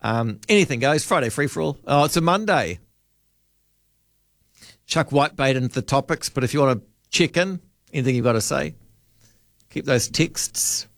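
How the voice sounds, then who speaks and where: A man's voice: mid-range voice, expressive, moderate pace, creaky, pauses often, fairly bright tone, dry recording, clean studio sound. A man hosting late-night talkback radio, chatting with an easygoing manner.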